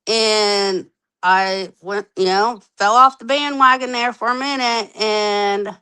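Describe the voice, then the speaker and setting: A woman in her thirties telling her own story candidly on a podcast, animated, acting out the voices she quotes and swearing freely. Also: mid-range voice, slow, clean tone, poor audio. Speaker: podcast guest.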